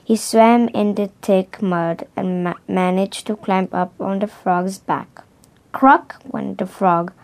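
Slow, stumbling woman reading aloud. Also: mid-range voice, steady tone, vocal fry, a little mellow. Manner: slow and careful, stumbling over words. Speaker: reader. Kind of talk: reading a children's storybook aloud.

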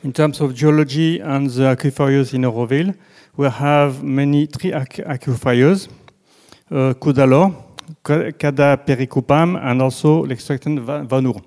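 A man with a French accent, a native French speaker, giving a slow, halting presentation with slides and frequent restarts. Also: medium pitch, a little mellow. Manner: halting, many restarts and fillers, deliberately slow. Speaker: presenter on groundwater.

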